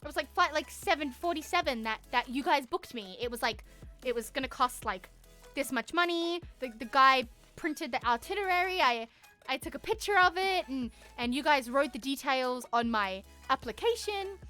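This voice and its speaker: Young woman streamer, high bright voice, animated and foul-mouthed, chatting with her audience over faint music. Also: normal speed. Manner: animated, profanity-laced, laughs through the story. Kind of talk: casual storytelling to stream chat.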